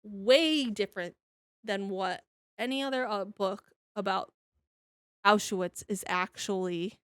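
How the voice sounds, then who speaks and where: A woman's voice: medium pitch, slow pace, clear, resonant tone, no echo. A young woman co-hosting a podcast, chatting casually and ramblingly about a book, filling her talk with "like" and casual swearing. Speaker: podcast co-host. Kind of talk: casual chat, book review.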